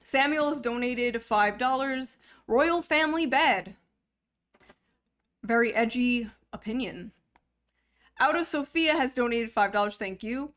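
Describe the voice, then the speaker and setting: A woman's voice: a little high, unhurried, long pauses, a bit bright. Crude, joking young woman streamer. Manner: crude, joking, swears freely. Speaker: livestream host. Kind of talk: casual chat.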